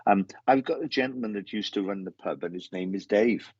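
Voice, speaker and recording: A man giving a live mediumship reading, talking in halting, repetitive bursts full of restarts, on slightly dull lo-fi audio. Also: lowish voice, breathy edge, dry recording. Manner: halting, repetitive, with many restarts and self-corrections.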